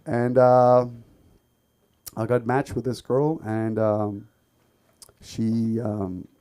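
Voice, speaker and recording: A man from the Middle East performing an open mic stand-up set, with lots of ums and bursts of loud shouting. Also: medium pitch, level tone, extremely slow. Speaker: stand-up comedian. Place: comedy club stage.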